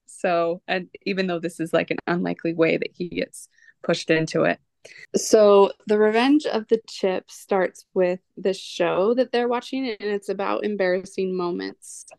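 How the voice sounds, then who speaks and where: A young woman co-hosting a casual podcast, giggling often as she retells scenes in an animated way. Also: mid-range voice, creaky, no room sound, studio quality. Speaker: podcast co-host.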